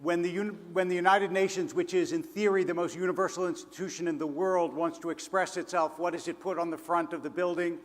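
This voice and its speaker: Male panel speaker, fairly high voice, measured anecdotal delivery, long hall reverb. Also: fairly even intonation. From Philadelphia, United States. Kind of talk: public address at a conference.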